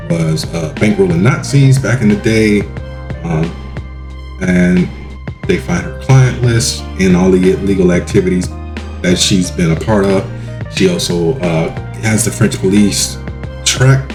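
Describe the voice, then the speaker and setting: A man hosting a casual solo podcast, rambling through plot recaps with lots of ums and quick self-corrections. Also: sits low, roomy sound. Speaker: podcast host.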